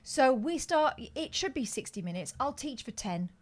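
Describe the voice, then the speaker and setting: A woman's voice: high voice, big pitch swings, normal speed. A woman, a teacher, co-hosting a casual podcast chat, explaining things earnestly and pushing back when she is teased.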